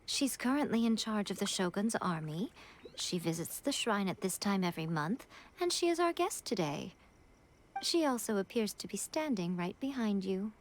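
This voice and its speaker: A woman's voice: mid-range voice, animated, slight background noise, close to an everyday voice. A woman voicing a sly, poised shrine priestess. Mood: teasing. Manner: teasing, composed, unhurried. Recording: with soft game music behind.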